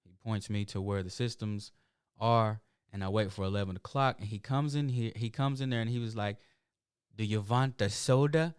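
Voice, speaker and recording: A man's voice: lowish voice, fairly even intonation, fairly quick, clean tone, no room sound, studio quality. A middle-aged man, hosting his show in a casual, rambling monologue full of emphatic asides. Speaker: show host.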